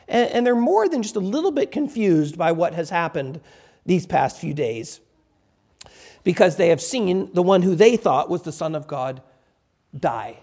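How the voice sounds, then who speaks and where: A pastor preaching a sermon and retelling a scripture story in an animated storytelling manner. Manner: animated storytelling with wide pitch swings.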